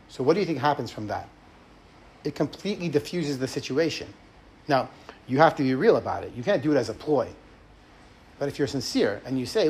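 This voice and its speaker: A man's voice: medium pitch, lively intonation, fairly quick, breathy edge. A middle-aged man hosting a podcast, talking earnestly and conversationally about marriage and acting out short example quotes. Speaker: rabbi and podcast host. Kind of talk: podcast teaching talk.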